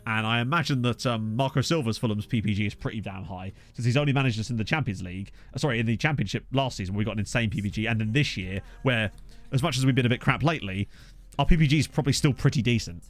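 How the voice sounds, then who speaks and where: A man in casual let's-play commentary, chatty and self-mocking as he thinks out loud at a desk microphone. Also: medium pitch, fast, soft background music. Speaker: gaming YouTuber. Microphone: USB desk microphone.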